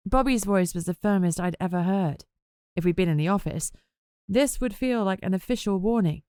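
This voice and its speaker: A woman's voice: mid-range voice, expressive, normal speed, darkish tone, clear, resonant tone, dry recording, studio quality. A woman narrating a first-person novel in a wry, conversational way. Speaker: audiobook narrator.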